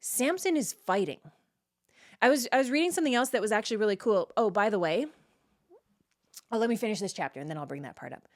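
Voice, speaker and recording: A woman leads a relaxed, verse-by-verse Bible study in a chatty, conversational way. She reads a passage, then stops to react and unpack it in plain everyday language, tossing in "like" and "right?" as she talks to her listeners. Her voice sits at an ordinary middle pitch. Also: fast talker, long pauses. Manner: frequent "like" and "right?" checks with the listener. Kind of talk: casual verse-by-verse Bible teaching.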